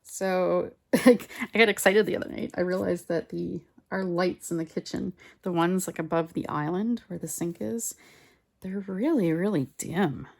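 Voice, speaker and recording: Woman crafting at home, casual rambling chat, slightly deep with a touch of vocal fry. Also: normal speed. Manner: chatty and rambling, mutters softly to herself while working. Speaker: collage artist. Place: home craft table, indoors. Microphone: phone on a mount.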